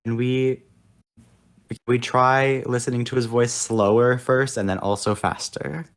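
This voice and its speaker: Gravelly playful man on a podcast. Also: medium pitch, steady tone, measured pace. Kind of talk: casual chat.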